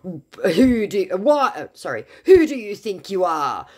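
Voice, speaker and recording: A touchy young man running a romance scam, as a woman voices him, pitched high above her usual voice with a lot of swing in it. He is indignant and boastful, and his English is broken. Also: big pitch swings, takes it slowly, exaggerated voice. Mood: angry, insulting. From Nigeria. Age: 20s. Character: young male romance scammer, touchy and defensive.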